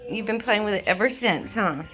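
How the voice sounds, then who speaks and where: A woman and mother chatting casually and warmly gushing in a home vlog. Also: medium pitch, fairly quick. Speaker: vlogger and mother.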